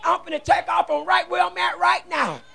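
A man preaching a shouted revival sermon in a church, fervently chanting and exhorting the congregation in call-and-response. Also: very high-pitched, steady tone, fairly quick. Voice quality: gravelly, husky. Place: church sanctuary.

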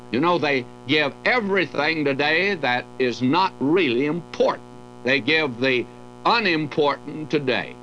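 A man's voice: mid-range voice, a bit bright, poor audio. An older man teaching through a Bible book in a folksy, emphatic way, his voice lifting on key words.

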